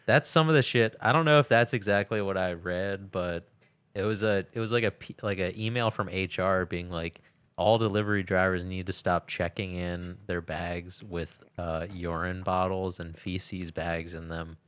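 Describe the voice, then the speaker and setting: A man's voice: deep voice, fairly even intonation, normal speed, fairly bright tone, clear, resonant tone, dry recording. A young man co-hosting a podcast, telling stories in a rambling casual way with laughs. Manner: rambling, laughs between lines. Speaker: podcast co-host. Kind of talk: casual chat.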